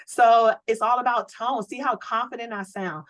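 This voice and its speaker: A woman running a sales training on a video call, coaching with lively, preachy energy and lots of rhetorical questions. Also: fairly high pitch, moderate pace, no room sound, low-quality recording. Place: home office.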